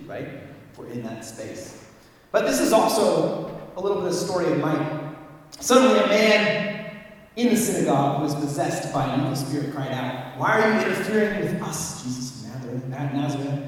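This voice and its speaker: Man preaching in an echoey church hall. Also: mid-range voice. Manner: conversational, reads scripture aloud and asks the room questions. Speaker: worship leader preaching. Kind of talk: sermon. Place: church sanctuary. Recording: echoey hall, voice from far off the mic.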